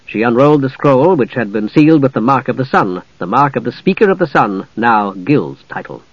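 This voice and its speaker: A man narrating a fantasy novel in a measured, even storytelling manner. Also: mid-range voice, no echo, highs cut off. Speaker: audiobook narrator.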